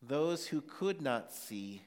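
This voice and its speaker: A man's voice: mid-range voice, big pitch swings, darkish tone. A man preaching a sermon in a church, speaking earnestly and often restarting his phrases mid-thought. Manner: earnest, with frequent halting restarts. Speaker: pastor. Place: church sanctuary. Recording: long hall reverb.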